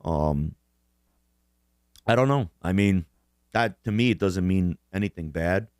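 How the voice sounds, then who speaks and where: A man's voice: deep voice, a little slow, darkish tone, no echo, clean studio sound. A man co-hosting a casual podcast chat, swearing constantly and rambling, often laughing as he mimics people. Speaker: podcast co-host.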